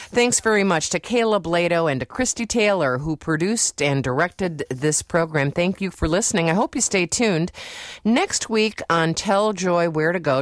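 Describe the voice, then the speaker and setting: A woman hosting a public radio program in a friendly, brisk announcing manner. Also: sits low, dry recording, clean studio sound. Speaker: radio show host.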